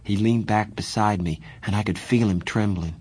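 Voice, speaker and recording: A man narrating a first-person novel as an audiobook, reading in a steady, measured way. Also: fairly low pitch, husky, dry recording.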